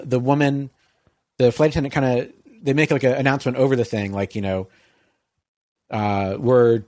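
A man's voice: medium pitch, a little mellow, no room sound. Rambling storyteller man, dry sound. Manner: rambling, full of "like" and "you know". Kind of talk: casual storytelling chat.

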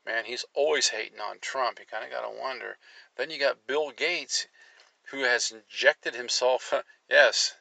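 A man's voice: medium pitch, unhurried, gravelly, sharp tone, no room sound, poor audio. A man hosting an opinionated commentary show, reading articles aloud and cutting in with sarcastic asides, his voice jumping up when he gets worked up.

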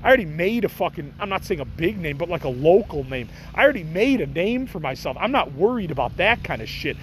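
A man's voice: a little high, very animated, fast, slight background noise, low-quality recording. A middle-aged man from the Chicago area hosting a podcast, talking in a casual, rambling, profane way and laughing things off. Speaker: podcast host.

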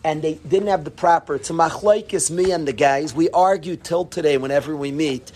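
A man telling a humorous personal anecdote to a group, animated and self-deprecating. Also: on the high side, moderate pace. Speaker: storyteller.

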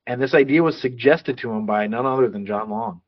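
A man's voice: mid-range voice, fairly quick, no room sound. Man, podcast co-host, trivia from notes, um-filled, dry close sound, slightly muffled. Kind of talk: casual movie podcast chat.

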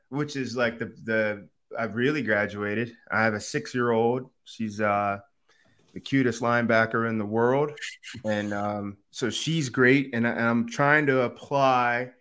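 A man who coaches quarterbacks and once worked as a TV analyst speaks as a guest on a casual podcast. He tells stories in an animated way, acting out the people he quotes with big jumps in pitch.

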